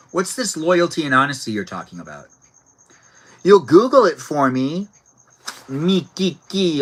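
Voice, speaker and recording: A man hosts a live stream from outdoors, reading out viewer comments and teasing them by name. His voice is bright and forceful, with a loose, playful manner, and crickets chirp faintly behind him. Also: a little high. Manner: playful, jokey, talks to chat by name, barks and giggles on request. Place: outdoors, cold evening.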